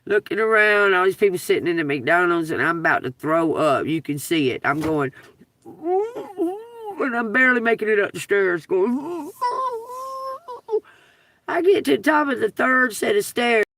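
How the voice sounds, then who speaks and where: A middle-aged woman with a Georgia accent reads tarot on a live stream and tells a wandering, profane story, laughing and animated throughout. Her voice is medium-pitched and unhurried, recorded dry from some distance away from the microphone.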